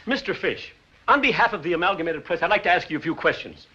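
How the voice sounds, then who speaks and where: An actor playing a pompous male newspaper reporter who badgers and interrupts in rapid, condescending bursts, in 1940s film comedy style. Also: high voice, animated, sharp tone, breathy edge, exaggerated voice. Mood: badgering. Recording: lo-fi old film soundtrack.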